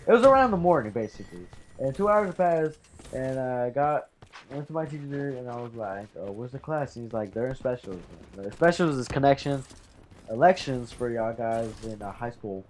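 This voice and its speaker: Speaking at a normal pace with an animated, slightly mellow mid-range voice, a fourteen-year-old boy shares an embarrassing story with his audience. He rambles, curses, and keeps saying "guys," with slight background noise in the clip.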